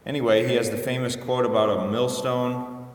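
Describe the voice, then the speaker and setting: A man's voice: mid-range voice, level tone, normal speed. A man, a priest, giving a conversational weekday homily with wry asides and self-corrections. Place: church. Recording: echoey church hall, voice from a distance.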